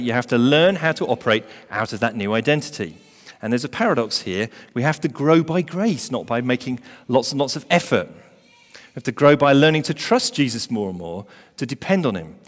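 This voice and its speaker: A man preaching a sermon as pastor, emphatic, building to loud stressed phrases. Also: mid-range voice, expressive, fairly quick. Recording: long hall reverb.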